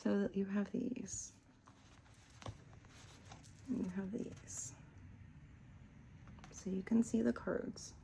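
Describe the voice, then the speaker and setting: A woman's voice: medium pitch, little pitch movement, drawn-out words, creaky, pauses often, slight background noise. Chatty woman tarot reader. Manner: gentle, drifts to soft whispers, laughs often. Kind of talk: casual tarot reading. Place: home room with small table.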